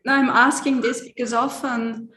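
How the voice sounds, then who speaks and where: A woman host asks gentle, probing questions and sometimes starts a sentence over. Her voice is high and light, and there is a noticeable roomy echo around it. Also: level tone, moderate pace, slight background noise. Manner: gentle, probing, with some restarts. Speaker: podcast host. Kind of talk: interview questions.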